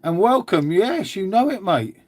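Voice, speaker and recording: A man's voice: high voice, very animated, normal speed, darkish tone. An English man chatting casually on a live stream, answering viewer comments in a laid-back way and calling everyone mate.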